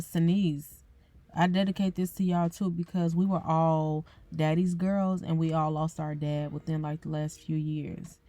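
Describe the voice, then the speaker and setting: A young woman hosting a podcast, speaking tearfully and haltingly in an emotional personal reflection. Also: low-pitched. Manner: tearful, soft-spoken, halting with fillers. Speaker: podcast host.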